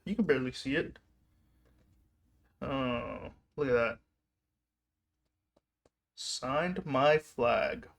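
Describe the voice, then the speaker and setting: This man speaks at a medium pitch, extremely slowly, with a gravelly voice and frequent pauses. He's a vlogger telling a personal story in a casual, rambling way, chatty and self-interrupting, often breaking off sentences and starting them over.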